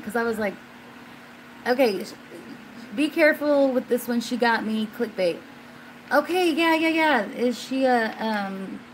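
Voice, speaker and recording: Slow-talking woman chatting casually. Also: a little high, a little hiss or hum, low-quality recording. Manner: rambling, with many fillers and restarts; gets suddenly excited and loud at times. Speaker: livestream host answering viewers. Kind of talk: casual chat.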